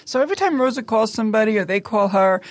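A woman's voice: fairly high pitch, fast, dry recording. A woman co-hosting a casual chat, retelling a film's plot and acting out the characters' lines as she goes. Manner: animated storyteller, acting out family members' lines. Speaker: podcast co-host.

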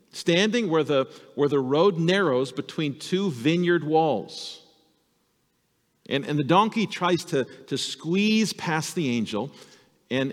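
A male pastor telling a Bible story to children in an animated, storytelling sermon. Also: fairly high pitch, in a large hall.

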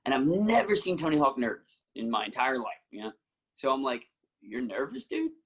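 A man with a husky, slightly rough voice spins a long, animated story as a guest. He acts out the lines of the people he quotes and breaks into laughter often. His tone stays relaxed and conversational. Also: medium pitch, a little fast, poor audio. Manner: animated anecdotes, acting out quotes, frequent laughs. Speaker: actor and musician, guest. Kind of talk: casual storytelling.

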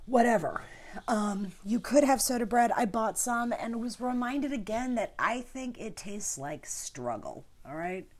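A woman hosting a podcast, talking in a chatty, animated way with playful asides. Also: a little high, unhurried. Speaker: podcast host. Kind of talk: casual podcast chat.

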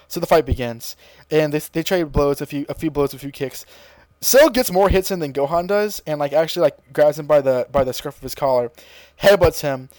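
A young man co-hosting a podcast, rambling through a casual episode recap and slipping into quick impressions of characters. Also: on the high side, darkish tone, dry recording. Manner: rambling, mimics characters' lines in quick voices. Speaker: podcast co-host.

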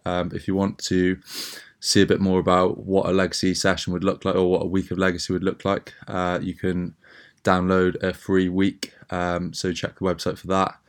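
A man co-hosting a casual podcast, chatty and relaxed with frequent ums. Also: low-pitched, normal speed. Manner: relaxed, chatty, announcements with fillers. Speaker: podcast co-host.

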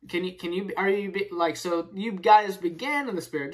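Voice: mid-range voice, normal speed. Laid-back voice teaching Bible study. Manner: casual, filler-heavy, keeps saying "right?" and "man"; explains verses with rhetorical questions.

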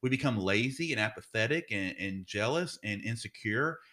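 A man's voice: lowish voice, animated, moderate pace, pushed and bright. A man co-hosting a casual faith podcast from a dining room, joking and teasing, then earnest. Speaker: podcast co-host, pastor.

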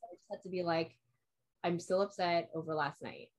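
Low-voiced young woman telling a story. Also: normal speed. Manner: rambling storyteller, heavy use of "like", quotes herself and others. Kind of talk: casual chat.

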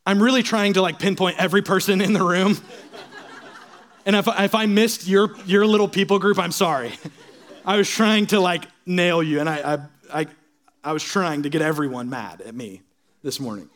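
A young man with a high voice delivers a casual, joking sermon. He mocks petty quarrels by acting out churchgoers' lines in sarcastic asides. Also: moderate pace, a bit bright. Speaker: pastor.

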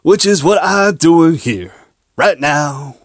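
A man doing an impression of a deadpan male comedian, slow and halting. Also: on the high side, dry recording, studio quality, heavily acted.

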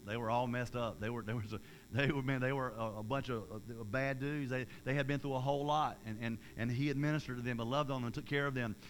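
A man, preaching a sermon in an energetic, emphatic way, with repeated phrases and restarts. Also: medium pitch, quick pace, a little hiss or hum.

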